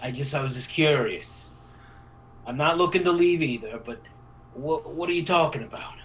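A man playing a dwarf in a tabletop game, speaking in a relaxed, reassuring way. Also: a little high, normal speed, a little hiss or hum, poor audio. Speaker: player.

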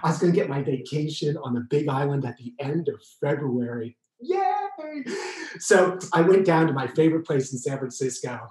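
A man telling a comic solo story, exuberant and pulling the audience in, with sudden high yelps. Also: fairly quick, few pauses, darkish tone, reverberant, poor audio. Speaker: solo performer.

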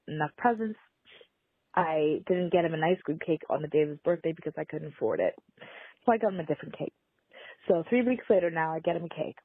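Woman caller, voicemail over a phone line, emotional and rambling, husky. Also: fairly low pitch, no room sound. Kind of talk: voicemail confession.

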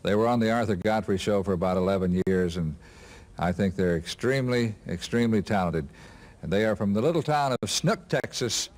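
A man's voice: lowish voice, a little fast, a little mellow. A man hosting a country music TV variety show, chatting with guests and introducing acts in a folksy, easygoing, flirty way. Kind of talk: folksy on-stage banter.

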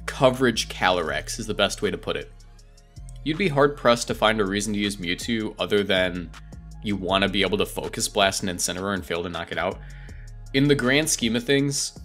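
A man's voice: on the low side, fairly bright tone. A young man hosting his own gaming channel, talking casually and correcting himself mid-thought as he rates game characters. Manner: chatty, self-correcting, quick asides. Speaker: competitive gaming video host. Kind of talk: casual commentary.

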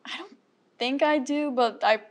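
A woman's voice: high voice, unhurried. A woman chatting casually with a wry tone. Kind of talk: casual chat.

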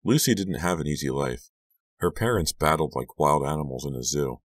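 Very deep-voiced man narrating an audiobook. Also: no echo, studio quality. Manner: measured, hushed storytelling, lifting for dialogue. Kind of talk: scripted narration.

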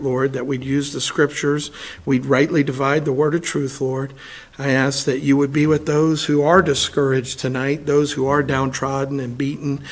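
A man serving as assistant pastor, preaching an evening sermon in a hoarse, raspy voice, reading scripture and adding folksy, self-deprecating asides with some throat clearing. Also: mid-range voice. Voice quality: raspy, scratchy. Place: church sanctuary.

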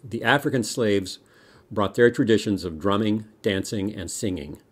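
A middle-aged man from the United States giving a history lesson to children, explaining lively and dropping small jokes. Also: on the low side, normal speed. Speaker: music teacher.

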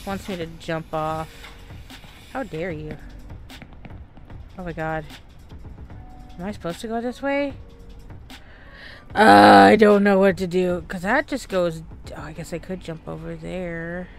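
A woman's voice: fairly low pitch, unhurried, gravelly, pauses often, faint music behind. Chatty Southern woman gaming streamer. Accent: Southern American. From Texas, USA. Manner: chatty, exclaiming, talks to herself. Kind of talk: live gameplay commentary.

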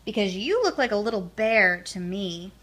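A woman doing a big gruff wolf. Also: mid-range voice, lively intonation, moderate pace, a bit bright. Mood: teasing. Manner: gruff, teasing.

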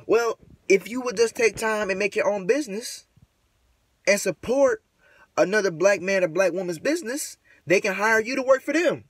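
A man's voice: high-pitched, expressive, moderate pace, no echo. A man ranting casually to camera, rambling and slangy with many fillers, frustrated and preachy. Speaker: vlogger.

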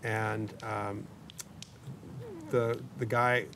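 In his sixties, this paranormal investigator swaps chatty stories and joking asides in an interview at a community media studio, yet speaks extremely slowly and flatly. A distant microphone captures him along with a faint rumble.

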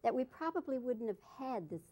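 A woman's voice: on the high side, big pitch swings, brisk, warm tone. A woman interviewer asking short, direct questions.

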